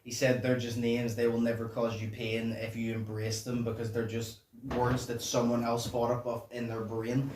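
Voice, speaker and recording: A man hosting a reaction channel, chatting casually and profanely in a low voice while he explains song lyrics. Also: level tone, moderate pace, few pauses, darkish tone. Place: home room at night. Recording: echoey room, distant mic, faint noise.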